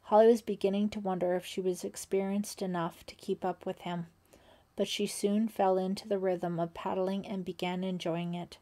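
A woman reads an audiobook aloud in a steady, measured way. Her voice is mellow and soft rather than bright, with an even mid pitch. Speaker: audiobook narrator. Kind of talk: scripted narration.

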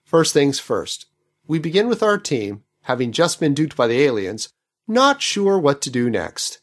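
Wry, animated male podcast host. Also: a little high, measured pace. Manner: wry, skeptical, picking apart plot logic. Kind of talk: book commentary podcast.

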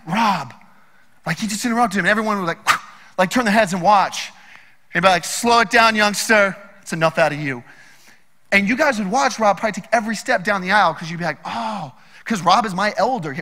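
A man preaching a sermon in a casual, animated storytelling way. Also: sits high, long reverb tail. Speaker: pastor.

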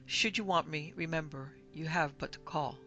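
A woman's voice: sits low, moderate pace, pushed and bright, muffled recording, faint music behind. A woman voicing a shrewd, tactful male detective in a horror story, inquisitive and courteous. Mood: probing.

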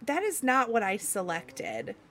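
Woman streamer, young, giggly and chatty, slightly high voice, unhurried delivery. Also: wildly swooping pitch, a bit bright, slight background noise. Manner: giggly, reads chat aloud. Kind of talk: casual chat with live chat.

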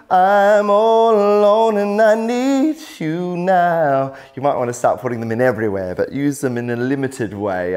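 A man's voice: medium pitch, a little mellow. A man teaching singing in an instructional video workshop, explaining in an encouraging way. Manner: encouraging, explains with many "lovely" and "little". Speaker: vocal coach.

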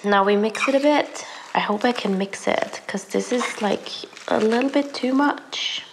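Hoarse, sick woman vlogging. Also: fairly high pitch, measured pace, background noise. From Germany. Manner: chatty, self-deprecating, talks to the viewer while cooking. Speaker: lifestyle vlogger. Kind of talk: casual cooking vlog chat. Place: home kitchen.

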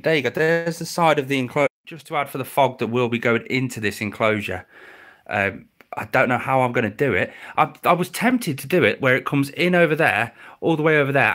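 A man chatting casually on a live stream from home beside his reptile enclosures, thanking viewers and cooing at his pets. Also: fairly bright tone. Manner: chatty and grateful, slips into a high baby voice for his pets.

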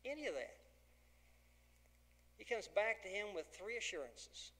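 Preacher guy, folksy and dramatic, acts out the bible bits, slightly high voice. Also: sing-song, unhurried, pauses often, fairly bright tone. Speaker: pastor. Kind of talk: sermon.

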